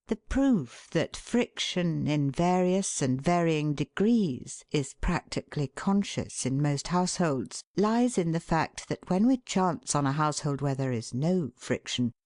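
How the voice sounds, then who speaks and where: Female audiobook narrator, low and very animated pitch, dry close read, measured and expressive. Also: no room sound. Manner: measured, expressive reading with voiced quoted asides. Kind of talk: scripted narration of a classic essay.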